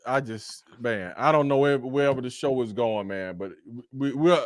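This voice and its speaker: A man's voice: medium pitch, moderate pace. A man hosting a casual sports talk show, laughing and exasperated, with a sound and a lot of "all right, man.". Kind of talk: casual chat.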